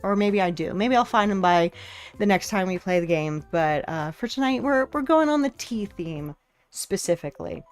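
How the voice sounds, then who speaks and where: A woman's voice: mid-range voice, expressive, normal speed. Chatty woman streamer, faint lo-fi music. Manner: chatty, thinks aloud while setting things up. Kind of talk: casual chat.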